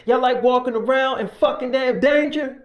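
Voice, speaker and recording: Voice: sits high, normal speed, dull audio, pitched above the performer's own voice, close to an everyday voice. A storyteller voicing a cruel, domineering male survivor leader in an improvised tale, profane and threatening. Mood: scolding. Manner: profane, threatening, barking orders.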